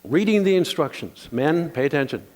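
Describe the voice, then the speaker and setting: Playful, animated male preacher. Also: on the high side, normal speed. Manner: animated, playful, calls for congregation responses. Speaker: pastor. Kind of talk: sermon.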